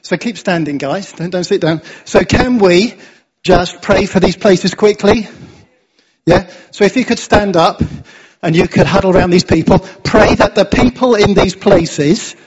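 A man's voice: high-pitched, unhurried, husky, muffled recording. A man speaking to a church congregation in a chatty, informal, encouraging way, leading prayer and a sermon.

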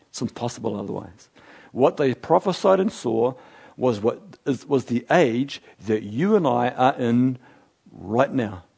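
A middle-aged man from New Zealand, a pastor preaching a sermon, building from quiet reflection to fervent exclamations. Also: mid-range voice, vocal fry, breathy edge. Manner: impassioned, rising to fervent exclamations.

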